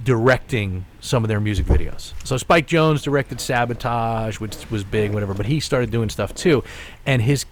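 A man in his forties telling a long story in casual podcast chat, with restarts and animated asides. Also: mid-range voice. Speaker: podcast host.

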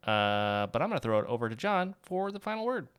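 A man co-hosting a podcast in a playful, jokey way, slipping into bits as he talks. His voice swings widely and has a clear, resonant tone. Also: high voice, very animated, quick pace. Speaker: podcast co-host. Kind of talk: casual chat.

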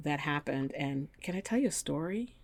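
A woman in her fifties, an engineer appearing as a guest, tells a story in conversation with animation, acting out the voices of the people involved. Her voice is low and expressive at a normal speed, with no room sound.

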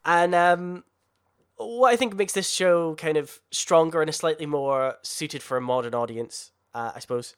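Male podcast co-host, slightly higher voice, lively and profane. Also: moderate pace, clean tone. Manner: animated, swearing, laughing often. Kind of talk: casual chat.

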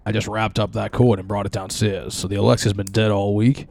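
A young man with a low, gravelly voice co-hosts a casual podcast. His tone is dark and mellow, and he rambles through stories with plenty of swearing. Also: level tone, a little fast. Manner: rambling, profane storytelling. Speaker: podcast co-host.

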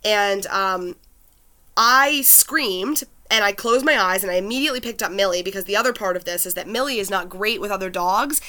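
A woman with a bright, sharp-edged voice tells a personal story in relaxed conversation. She is chatty and animated and scatters "like" through her sentences. Her delivery stays loose and unscripted. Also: mid-range voice, normal speed. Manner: chatty, lots of "like" fillers, animated retelling. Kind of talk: casual chat, telling a personal story.

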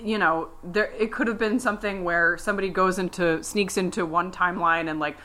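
Bright-voiced woman chatting on a podcast. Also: on the low side, steady tone. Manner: chatty, rambling, quick asides and restarts. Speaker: podcast co-host. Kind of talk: casual chat.

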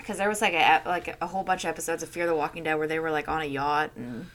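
明亮的女声，随意闲聊. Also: female voice, deep voice, steady tone, fast talker, a bit bright. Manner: loose, rambling talk full of "like". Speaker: podcast co-host. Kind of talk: casual chat.

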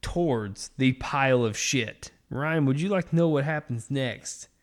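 A man in his thirties, a podcast co-host, telling a story in casual chat, animated and swearing a lot. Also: medium pitch, unhurried.

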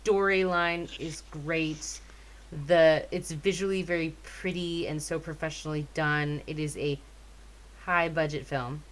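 Low-voiced chatty woman. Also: fairly even intonation, measured pace. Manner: enthusiastic, chatty, filler-heavy. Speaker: podcast co-host. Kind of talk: casual chat.

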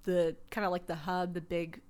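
A woman's voice: fairly low pitch, flat delivery, normal speed, darkish tone, clean tone. A young woman co-hosting a podcast, chatting casually and rambling with lots of filler words. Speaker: podcast co-host. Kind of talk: casual chat.

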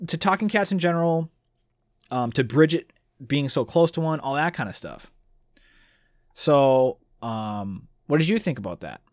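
A man's voice: a little high, expressive, measured pace, no echo, studio quality. A man hosting a casual book discussion podcast, who talks enthusiastically and reads passages aloud. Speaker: podcast host.

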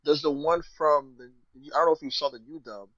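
A man in casual chat, animated and laughing often, breaking into high squealing imitations. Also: brisk, no room sound, highs cut off.

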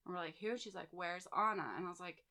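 A woman in her thirties talks through personal stories in a relaxed chat. Her voice sits a little low but carries a bright, forward tone. She fills her sentences with "like" and "um.". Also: rapid-fire. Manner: chatty, lots of fillers and "like". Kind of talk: casual storytelling chat.

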